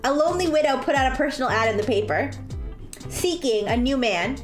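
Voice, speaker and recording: A woman's voice: sits high, fairly quick. A woman streamer reading jokes aloud in a giggly way that keeps breaking into laughter. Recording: roomy echo, faint music behind.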